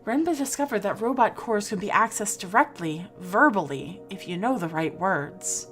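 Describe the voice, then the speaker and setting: An actress playing a commanding, secretive elderly professor in video game dialogue, speaking with grave, measured authority. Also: female voice, mid-range voice, expressive, a bit bright, faint music behind, lightly acted.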